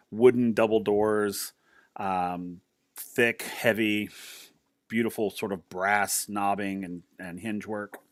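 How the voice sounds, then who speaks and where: A man's voice: lowish voice, dry recording, clean studio sound. A man narrating a tabletop game as game master, chatty and rambling as he describes the scene. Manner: chatty, rambling, many fillers and restarts.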